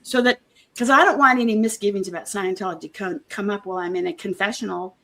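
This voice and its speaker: A woman being interviewed, talking earnestly in a halting way, with many restarts and homely comparisons. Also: mid-range voice, steady tone, bright, forceful tone. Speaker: interview guest, former member of a church group. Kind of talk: casual conversational interview.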